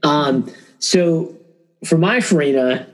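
A man co-hosting a casual podcast chat from home, with dry, unhurried remarks. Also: fairly high pitch. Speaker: podcast co-host.

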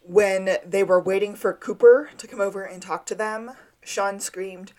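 A woman co-hosting a podcast, adding relaxed asides while recapping a TV episode. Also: medium pitch, measured pace, hardly any pauses. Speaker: podcast co-host. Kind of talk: casual chat recapping a TV episode.

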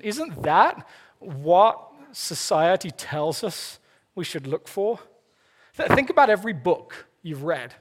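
A man preaching a sermon, earnest with playful asides, often repeating the first word of a phrase. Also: sits high. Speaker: pastor.

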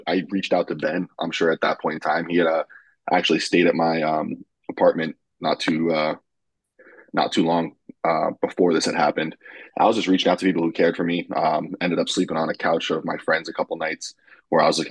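A man's voice: low voice, level tone, normal speed, husky, no echo, poor audio. A young adult man from New York, a bodybuilder guest in a casual podcast chat, talking frankly with swearing and lots of um fillers.

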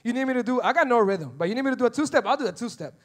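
A man preaching a sermon, animated, acting out little dialogues with God and repeating phrases for emphasis. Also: very high voice, rapid-fire. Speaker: pastor.

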